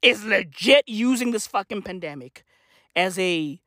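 A man's voice: sits high, expressive, a little slow, sharp tone, no room sound, clean studio sound. A man delivering a satirical rant to camera, slangy and profane, with mock-serious rhetorical questions. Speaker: comedic commentator.

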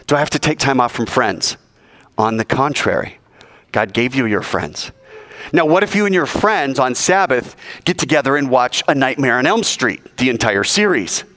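Man speaking to students, lively sermon voice with plenty of melody and humor. Middle pitch. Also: moderate pace. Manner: animated, joking, acts out quoted voices. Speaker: youth speaker.

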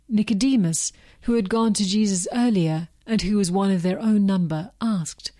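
A woman reading Bible passages aloud in a measured, scripted way. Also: medium pitch, dark tone, dry recording. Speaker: scripture reader.

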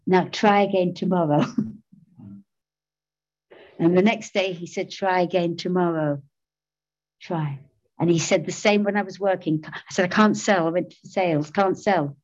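A woman's voice: fairly low pitch, a little mellow, slightly rough, lo-fi sound. A middle-aged woman giving a personal recovery testimony, candid and self-mocking, laughing often as she talks. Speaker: speaker sharing recovery story.

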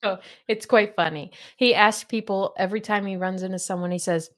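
Woman podcast host, casual chatty, laughs a lot, mid pitch. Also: fairly even intonation, a little fast. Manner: chatty, laughs often, self-conscious. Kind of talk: casual chat.

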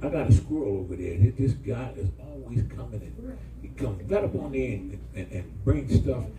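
A middle-aged man preaches, his gravelly voice leaping high and dropping low as he drives the sermon. He is picked up from a distance in an echoey church room. Congregation members answer him from the pews. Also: moderate pace, crowd noise. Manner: animated preaching with call-and-response. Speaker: pastor. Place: church hall. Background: congregation responding.

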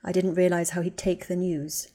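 A woman's voice: on the low side, flat delivery, moderate pace, warm tone, lightly acted. A woman reading the lines of a guarded, bitter young wizard man in a storybook, speaking in terse, clipped lines.

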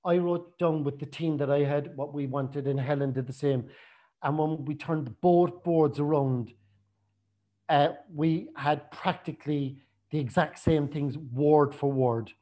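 A man tells a long personal story in a loose, chatty manner, slipping into the voices of the people he quotes. His voice sits a little high for a man but sounds mellow and warm rather than bright. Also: unhurried. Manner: chatty, animated retelling with acted quotes.

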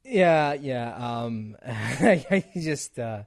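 A man hosting a casual podcast chat, laughing often and trailing off softly. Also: mid-range voice, expressive, extremely slow, creaky, no echo, clean studio sound.

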